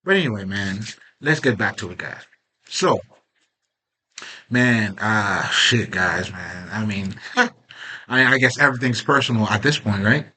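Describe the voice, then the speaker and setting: A man's voice: fairly low pitch, animated, measured pace, pushed and bright, slightly rough. A man giving a casual, emphatic spoken monologue on personal growth, full of swearing and rhetorical questions. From Haitian background. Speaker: self-growth vlogger.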